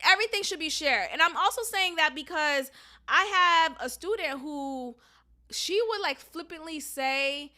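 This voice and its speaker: A woman's voice: high voice, animated, a little slow, bright, forceful tone. A woman hosting a podcast, a teacher giving her candid, outspoken opinions in casual chat, with many fillers. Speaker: podcast host.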